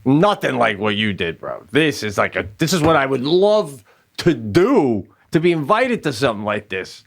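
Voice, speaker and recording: A man's voice: medium pitch, big pitch swings, moderate pace, creaky. A middle-aged man co-hosting a podcast, riffing in casual comic chat, incredulous and swearing. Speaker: podcast co-host.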